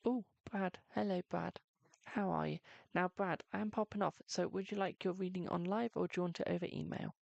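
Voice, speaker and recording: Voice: mid-range voice, fairly even intonation, fairly quick, vocal fry, darkish tone, no room sound, highs cut off. A live-stream host doing tarot readings in a chatty, reassuring way, calling viewers "my darling" and leaning on "okay" between lines. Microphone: close microphone.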